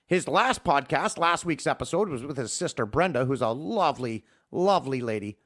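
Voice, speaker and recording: This man's voice is medium-pitched and a bit bright, animated, at a moderate pace. He's a podcast host in his home studio, giving a profane, heated, emphatic rant.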